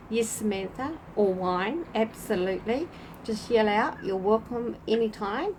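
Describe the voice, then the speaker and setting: A woman's voice: medium pitch, poor audio. Woman chatting on a live stream outside at night, greets folks by name, faint hiss behind. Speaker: spiritual channel host. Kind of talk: casual livestream chat. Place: outdoors at night in a breeze.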